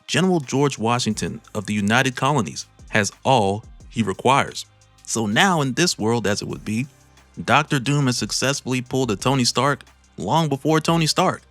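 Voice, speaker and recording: A man's voice: mid-range voice, fairly bright tone, no echo. A man casually recapping a comic story with laughing, slangy asides, recorded on a close mic.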